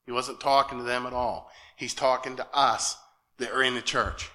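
Male lay preacher, nervous and earnest, bright tense tone, halting delivery with frequent check-ins. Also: mid-range voice, steady tone. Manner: earnest and halting, often asks "okay?". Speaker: lay speaker at church. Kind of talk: sermon. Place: church sanctuary.

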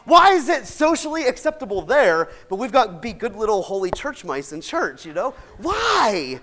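Man, pastor, sermon, high pitch, very lively pitch, folksy, laughs a lot. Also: normal speed, few pauses. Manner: animated, swings from shouting to soft asides, acts out quotes; folksy, chatty, laughs often.

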